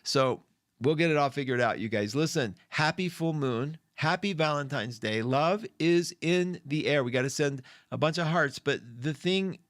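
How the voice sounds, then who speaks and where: A man's voice: fairly high pitch, moderate pace, a bit bright, no room sound, studio quality. A middle-aged man hosting an astrology live stream from an indoor room, chatty and effusive as he greets viewers by name. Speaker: astrology show host. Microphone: studio mic.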